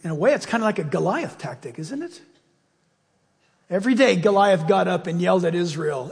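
A male pastor delivers a lively sermon, acting out little voices in his stories. His voice sits high and leaps around in pitch. It carries a husky grain and rings with the long reverb of a large hall. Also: fairly quick. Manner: animated storytelling with acted-out voices.

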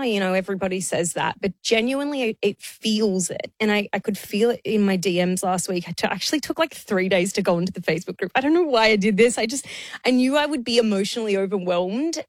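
A woman's voice: medium pitch, brisk, no echo. Woman, departing podcast producer; emotional, tearful laughter; dry close sound. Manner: emotional, laughing through tears. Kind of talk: casual podcast chat.

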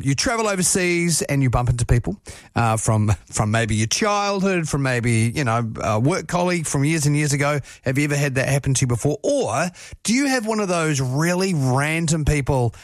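Nz radio guy rambling between songs, slightly high voice, dry studio sound. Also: no echo. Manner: chatty, rambling with many fillers. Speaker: radio host. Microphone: studio mic.

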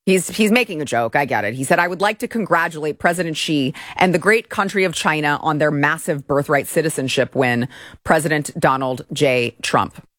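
A woman's voice: low-pitched, fairly quick, a bit bright, dry recording, clean studio sound. A woman in her thirties hosting a political commentary show, delivering a heated, indignant monologue.

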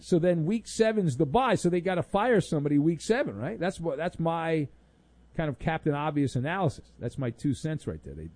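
Animated sarcastic sports radio host. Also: male voice, fairly high pitch, dry recording. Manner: sarcastic, animated, mock-exasperated. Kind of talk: sports talk radio banter.

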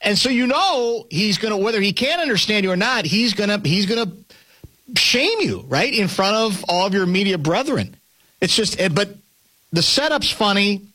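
A man's voice: sits high, animated, normal speed, pushed and bright. A man co-hosting a sports talk show, chatting casually, laughing often and restarting his sentences.

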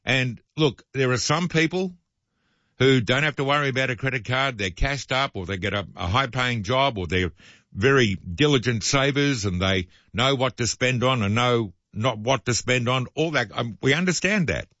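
A man's voice: mid-range voice, animated, normal speed, pushed and bright, no room sound, muffled recording. A man hosting talk radio, reading news items and adding sardonic, opinionated asides. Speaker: radio host.

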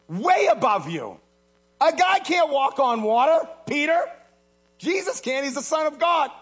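A man preaching a sermon, swinging between loud exhortation and low hushed asides. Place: church platform.

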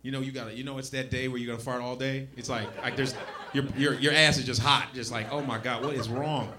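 A man's voice: medium pitch, fairly quick, a crowd in the background. A man doing a crude stand-up set in a comedy club, laughing at his own jokes and acting out voices. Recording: club with loud audience laughter.

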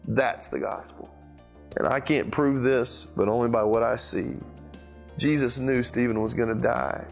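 A man preaching a sermon, retelling a scripture story with animated emphasis, swinging between excited high bursts and low, quiet asides. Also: unhurried, vocal fry, soft background music, rough recording.

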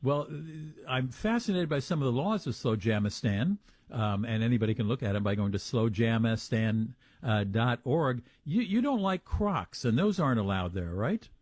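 A man's voice: medium pitch, very animated, moderate pace, a little mellow, slightly rough, no room sound. A man hosting a radio talk show, reading sponsor copy and introducing a guest in an upbeat, playful way.

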